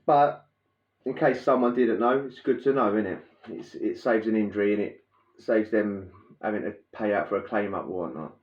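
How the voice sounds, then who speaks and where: A man telling a prison story in a casual, animated way, laughing and acting out the scene with sound effects. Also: fairly low pitch, normal speed. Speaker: podcast host telling prison stories. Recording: roomy, dull lo-fi sound.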